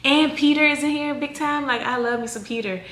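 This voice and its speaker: A woman's voice: sits high, brisk. Chatty woman in her thirties, echoey room. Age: 30s. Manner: chatty, rambling, animated. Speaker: vlogger. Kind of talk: casual chat to camera. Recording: echoey room with faint noise.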